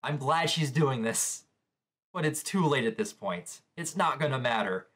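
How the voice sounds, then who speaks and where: A man's voice: medium pitch, expressive, a little slow, a bit bright. A man hosting a live manga reaction, describing the panels aloud and reacting with shock to what he reads.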